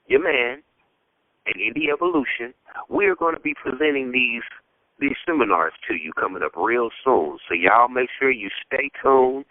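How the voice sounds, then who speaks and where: A man's voice: medium pitch, dry recording. A man hosting a radio talk show, emphatic and hyped, repeating words as he stresses points to his listeners. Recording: tinny phone-like dry sound.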